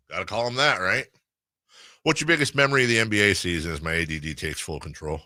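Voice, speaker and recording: A man's voice: lowish voice, quick pace, pushed and bright, no echo, clean studio sound. A man hosting a casual sports talk radio show, riffing and laughing often.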